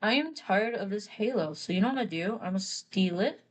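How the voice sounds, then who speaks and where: A woman's voice: medium pitch, animated, fast talker, close to an everyday voice. A woman voicing an enraged, vengeful spiky male monster in a casual, offhand way. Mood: angry.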